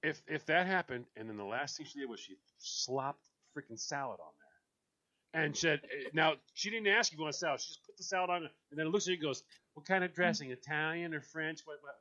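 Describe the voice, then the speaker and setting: A man's voice: on the high side, a little fast, muffled recording. A man hosting a radio show, chatting casually and telling a long story, acting out the lines of the people in it. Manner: animated storyteller, acting out quoted voices. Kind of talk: casual chat on a call-in show.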